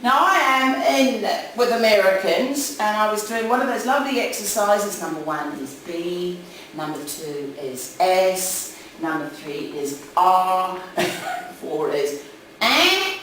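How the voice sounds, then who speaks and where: A woman's voice: on the low side, takes it slowly, hardly any pauses, distant mic. A woman from New Zealand with a New Zealand accent giving a chatty, jokey talk to English teachers at a conference. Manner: chatty, jokey, animated with audience asides. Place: conference hall. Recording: echoey hall, speaker off-mic at times.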